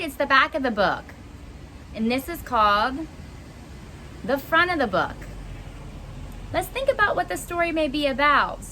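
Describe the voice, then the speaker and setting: A woman's voice: high voice, pushed and bright, slight background noise. A woman teacher reading a picture book aloud to young children, asking them encouraging questions as she goes. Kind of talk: children's story time.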